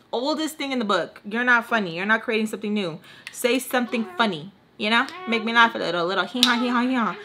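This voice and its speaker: A young woman telling a storytime tale in casual chat, animated and exasperated, filling her talk with "like". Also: a little high, noisy background. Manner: animated, exasperated, heavy use of "like". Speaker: vlogger.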